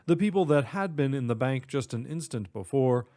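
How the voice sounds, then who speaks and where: Man narrating a storybook, steady. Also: mid-range voice, moderate pace.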